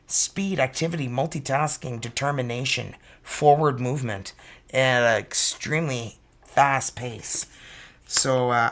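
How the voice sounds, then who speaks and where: A woman's voice: a bass voice, fairly bright tone. A woman in her fifties giving chatty, upbeat tarot readings on a live stream. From Canada. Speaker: tarot reader.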